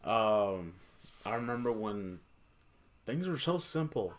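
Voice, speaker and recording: A man in his thirties co-hosting a podcast in a relaxed way with casual swearing, his voice going hoarse. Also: fairly low pitch, takes it slowly, noisy background. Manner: laid-back, swears casually. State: losing his voice. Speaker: podcast co-host. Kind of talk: casual chat.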